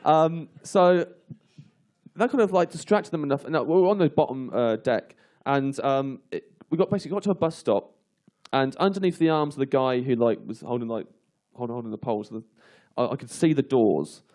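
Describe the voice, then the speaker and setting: A man of ordinary pitch tells a rambling comic anecdote on a live panel show. He laughs through his own story, his delivery animated and eager. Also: fairly quick. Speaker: comedian guest. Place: live show before an audience.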